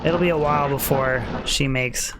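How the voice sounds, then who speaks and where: A man's voice: medium pitch, steady tone, normal speed. Chatty male game streamer. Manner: chatty, explains gear, reads chat aloud. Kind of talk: casual live-stream commentary. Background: loud background music.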